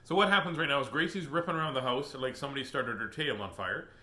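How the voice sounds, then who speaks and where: A man's voice: mid-range voice, quick pace, sharp tone. A man hosting a live children's book reading stream, chatting in a silly, playful, joking way. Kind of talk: casual live-stream chat. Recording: echoey room.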